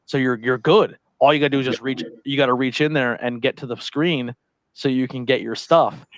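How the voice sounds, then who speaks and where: A man's voice: mid-range voice, fairly quick, no echo. A man co-hosting a casual chat show, telling a long workplace prank story and acting out the voices of the people in it. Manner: animated storyteller who acts out quoted voices. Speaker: podcast co-host.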